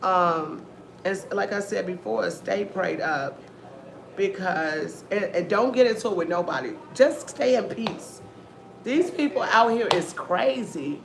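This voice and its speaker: A woman hosting a casual commentary stream, telling stories in a rambling, profane, animated way. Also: medium pitch, unhurried, vocal fry. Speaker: host of a news-and-commentary stream. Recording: echoey room, faint background noise.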